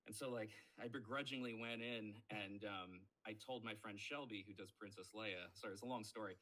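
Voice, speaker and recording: Animated man telling stories. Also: lowish voice, brisk. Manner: animated storyteller, acts out quoted voices. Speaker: voice actor guest. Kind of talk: casual podcast interview storytelling.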